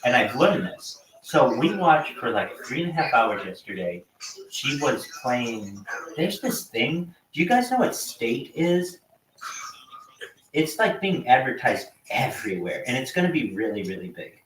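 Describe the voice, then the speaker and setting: A man's voice: mid-range voice, sing-song, unhurried, a bit bright, far from the mic. A man chats casually on a livestream, swearing freely and wandering between thoughts with plenty of fillers. He sits back from the mic in an echoey room with a faint hiss of background noise. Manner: loose and profane, lots of fillers. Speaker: livestream host. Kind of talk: casual rambling chat.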